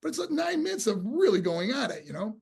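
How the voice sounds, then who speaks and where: This man's voice is very high, creaky, and slightly rough, and he talks fast. A New York State native and ex-boxer, he recounts his life as an interview guest in a relaxed setting, performing the voices of people he quotes and stumbling over repeated, restarted words when worked up.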